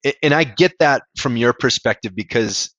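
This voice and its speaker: A man's voice: mid-range voice, moderate pace, fairly bright tone, no room sound, highs cut off. A man being interviewed, telling a candid, rambling story about a hard race, with casual swearing. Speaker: podcast guest, amateur ultrarunner.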